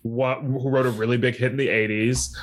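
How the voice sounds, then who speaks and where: A man's voice: mid-range voice, fairly quick. A man co-hosting a podcast, chatting casually and playfully while recapping a movie. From Texas. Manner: chatty, animated, playful and joking. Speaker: podcast co-host.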